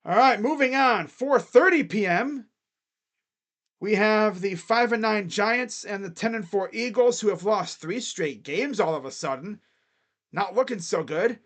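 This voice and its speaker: A man hosting a football picks video, talking casually and excitably and thinking out loud. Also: high voice, unhurried. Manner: rambling, excitable, thinks aloud. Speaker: sports picks channel host.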